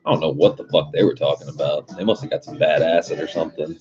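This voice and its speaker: A young livestream host rambles casually, telling stories in a laid-back, profane way. His very deep voice races along with hardly any pauses. Music plays behind the dull, lo-fi stream audio.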